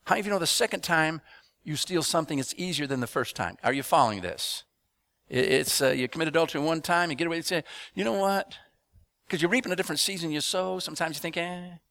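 A man preaching a sermon to a congregation, asking them to respond and building up rhythmic repeated phrases into loud emphatic bursts. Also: fairly high pitch, quick pace, gravelly. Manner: addresses congregation with call-and-response questions.

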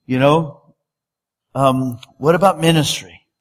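A man's voice: fairly high pitch, slow. A man preaching a sermon in a conversational style, building up to emphatic exhortations.

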